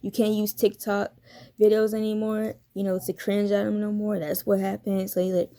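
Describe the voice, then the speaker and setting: A woman's voice: medium pitch, level tone, normal speed, warm tone. A young woman giving a casual commentary vlog as a YouTuber, talking bluntly with lots of profanity, slang and laughter.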